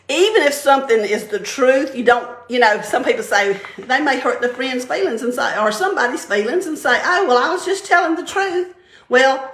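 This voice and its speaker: Sharing faith-based encouragement as a vlogger, this older woman speaks in a fairly bright, high-leaning voice. Her devotional talk is casual and chatty, full of stories and frequent laughter, recorded with a roomy echo.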